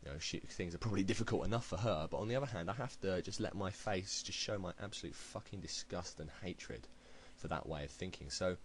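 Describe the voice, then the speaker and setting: British man, extremely deep voice, blunt heated commentary, swears a lot, faint background noise. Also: fairly quick, hardly any pauses, low-quality recording. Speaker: video blogger. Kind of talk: ranting opinion commentary.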